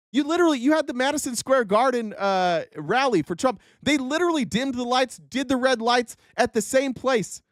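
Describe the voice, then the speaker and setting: Angry profane high-voiced man. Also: no echo, studio quality. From United States. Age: 30s. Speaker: show host. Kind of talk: live-stream political rant.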